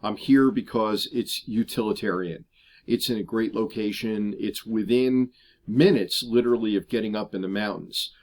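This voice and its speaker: A middle-aged man talks casually to the camera outdoors at an RV park, chatting about his RV travels in an explanatory way with plenty of fillers. His voice runs low and darkish, at a normal pace.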